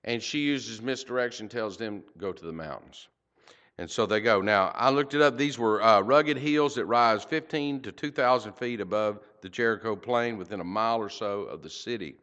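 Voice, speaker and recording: A man's voice: fairly low pitch, moderate pace, a bit bright, dull audio. An older man teaching a Bible passage verse by verse, folksy, with rhetorical questions and personal stories.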